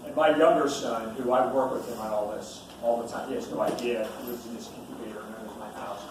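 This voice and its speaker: Storytelling man, distant and echoey. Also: medium pitch. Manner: acts out dialogue while telling stories. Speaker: retired Navy SEAL and youth football coach. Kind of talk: storytelling talk. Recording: echoey hall from far off with hiss.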